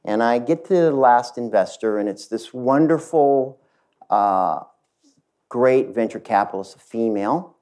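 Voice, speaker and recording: Man, middle-aged, keynote storyteller, speaks straight to the crowd, animated. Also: medium pitch, a little slow. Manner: animated, addresses the audience directly. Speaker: CEO giving a talk.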